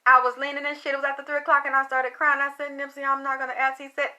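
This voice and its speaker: A woman with a high voice talks as a psychic medium, relaying a spirit's words in an emotional, wandering monologue. Her tone is bright and sharp, and she swears casually between the messages. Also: level tone, quick pace, few pauses.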